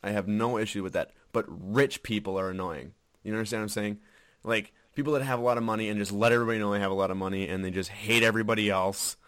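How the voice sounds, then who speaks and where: A man telling stories in casual chat, profane and animated, often laughing. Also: on the low side, quick pace. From Wisconsin.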